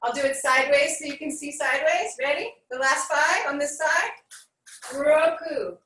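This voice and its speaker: A woman's voice: high-pitched, normal speed, bright, forceful tone, echoey room, recorded from a distance, poor audio. A woman teaching an online aikido class for kids, counting aloud in Japanese and giving encouraging instructions while out of breath.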